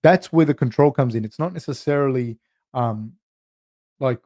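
Casual Australian man, mellow voice. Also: mid-range voice, normal speed, no echo, clean studio sound. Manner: loose and chatty, swearing, calls listeners dude and man. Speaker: podcast host answering live chat questions. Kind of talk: casual live-stream Q&A.

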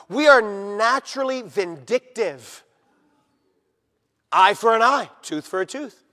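A pastor preaches in a fairly high voice with lively intonation, speaking straight to his listeners. He hammers home his points, then slows and sinks to a near hush, his voice ringing with a long reverb like in a large hall.

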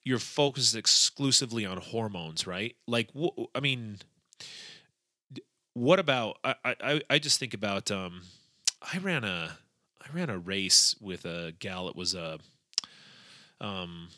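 Male counselor, low-pitched bright voice, dry close sound, muses aloud with fillers. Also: lively intonation, unhurried, pauses often, dry recording. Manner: thoughtful, hesitant, many fillers. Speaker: addiction counselor. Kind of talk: casual podcast discussion.

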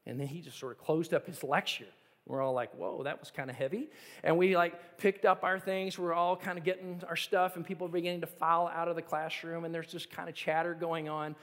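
Middle-aged male pastor, high tenor, earnest and emphatic preaching, long hall reverb. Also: steady tone, a little fast. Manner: earnest storytelling, building to emphatic repeated appeals. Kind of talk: sermon. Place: church sanctuary.

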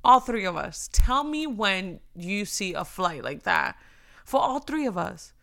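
A young woman giving a heartfelt, emotional faith talk, speaking earnestly and moving between near-whispers and loud emphasis. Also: medium pitch, very animated, measured pace, creaky.

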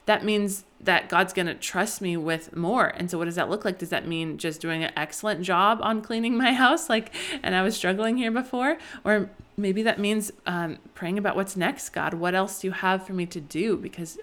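A woman's voice: mid-range voice, moderate pace, few pauses, a bit bright. A young adult woman hosting a faith-based podcast for moms, talking in an earnest, rambling way with many restarts and "like"s. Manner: earnest, rambling, self-correcting, frequent "like". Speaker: podcast host.

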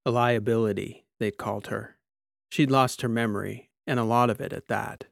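Gravelly male audiobook narrator. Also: mid-range voice, steady tone, moderate pace, dry recording, studio quality. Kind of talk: scripted narration.

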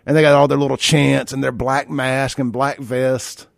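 A man's voice: mid-range voice, little pitch movement, normal speed, vocal fry, no room sound, clean studio sound. A man hosting a conservative morning talk radio show, brash and joking, reading live ads in between. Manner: brash, joking, offhand, reads live ad copy. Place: radio studio. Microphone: studio microphone.

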